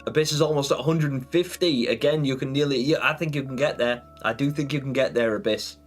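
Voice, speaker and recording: A man's voice: medium pitch, fast, faint music behind. Chatty, rambling man on a live stream. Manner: chatty and rambling, laughs often. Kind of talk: casual live-stream chat, reading viewer comments.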